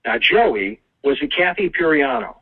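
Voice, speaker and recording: A man's voice: a little high, very animated, measured pace, slightly rough, pitched above the performer's own voice, heavily acted. A man voicing a persistent older male priest in a told joke, over tinny phone-line audio. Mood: prying.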